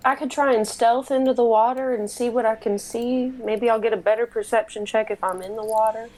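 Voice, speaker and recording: Higher-voiced woman player thinking aloud. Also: steady tone, fairly quick, a little mellow, low-quality recording. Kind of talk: casual chat at a tabletop game.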